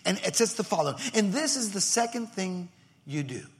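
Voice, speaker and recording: A male pastor preaching a sermon emphatically, swinging from shouts to near whispers and acting out members of the congregation. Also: sits high, animated, fairly quick.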